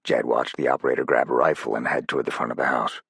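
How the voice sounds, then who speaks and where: A man narrating a thriller audiobook in a steady, even storytelling manner. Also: very deep voice, quick pace, husky, no room sound, clean studio sound. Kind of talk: scripted narration.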